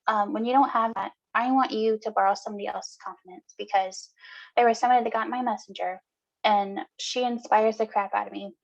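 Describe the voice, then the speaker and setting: A woman with a fairly high voice gives a heartfelt motivational talk over a video call, earnest and encouraging, with frequent "um"s. The call audio is dull and lo-fi. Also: vocal fry. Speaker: co-host.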